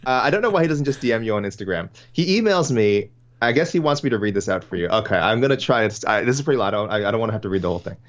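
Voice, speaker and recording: A man co-hosting a casual podcast about fights, rambling and breaking off into quick asides. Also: on the low side, expressive. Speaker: podcast co-host. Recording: dull, lo-fi sound.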